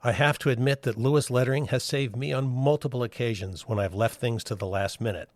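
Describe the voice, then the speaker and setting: A man hosting a podcast, reading his lines in a measured way with a dry, wry humor. His voice sits at an ordinary middle pitch. It is recorded close up in a dead, dry space. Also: dry recording. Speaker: podcast host. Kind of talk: scripted intro and interview.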